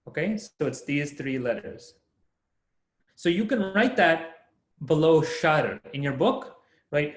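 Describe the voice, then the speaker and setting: A young man leads an online lesson at an unhurried pace, breaking each point into patient steps and laughing easily as he goes. His voice sits a bit high for a man. The sound carries a clear room echo, as if picked up over a video call. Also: animated. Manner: patient, explains step by step, laughs often. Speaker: Sanskrit teacher. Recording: echoey room.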